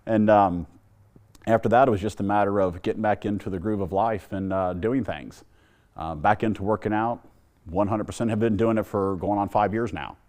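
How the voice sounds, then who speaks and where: A man's voice: fairly low pitch, normal speed, darkish tone. A man telling his personal faith testimony in an earnest storytelling way, exhorting listeners. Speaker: testimony speaker.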